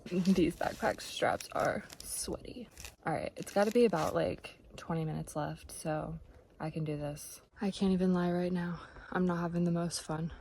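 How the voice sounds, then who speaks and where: A woman's voice: on the low side, fairly even intonation, normal speed, gravelly, dark tone, slight background noise. A young woman vlogging outdoors as she hikes a mountain trail, chatty and upbeat, out of breath. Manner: chatty and upbeat, talking to camera on the move. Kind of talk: casual vlog narration while hiking. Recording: music bed under the voice.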